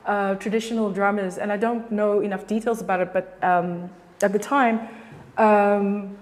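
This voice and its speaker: A woman's voice: mid-range voice, a little mellow. A middle-aged woman artist giving a casual, profane talk. She rambles and keeps correcting herself as she goes. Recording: long reverb of a hall.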